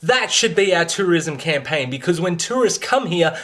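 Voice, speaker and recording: A man's voice: a little high, sing-song, moderate pace, fairly bright tone. Sweary Australian man ranting. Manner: sweary, sarcastic, exasperated. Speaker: vlogger. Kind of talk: profane comedic rant.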